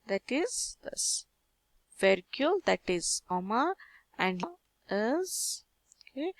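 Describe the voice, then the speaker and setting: A woman's voice: fairly high pitch, no room sound, clean studio sound. A woman with an Indian accent, teaching a French lesson patiently in English, asking viewers questions and reading French terms aloud. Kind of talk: slow step-by-step lesson.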